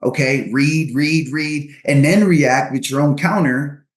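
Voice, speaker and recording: A man's voice: on the high side, takes it slowly. Earnest man in an echoey room. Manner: earnest, uses sports analogies. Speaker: podcast guest. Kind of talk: earnest advice on marriage.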